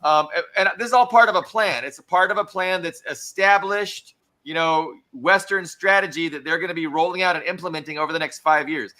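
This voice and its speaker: A man's voice: fairly high pitch, brisk, sharp tone. A man co-hosting a podcast panel, musing aloud and posing open questions with many fillers. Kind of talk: casual panel discussion.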